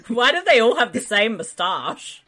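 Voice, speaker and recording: Giggly woman, bright lively voice. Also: on the high side, breathy edge. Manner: giggly, playful. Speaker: podcast co-host. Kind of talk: casual movie commentary chat.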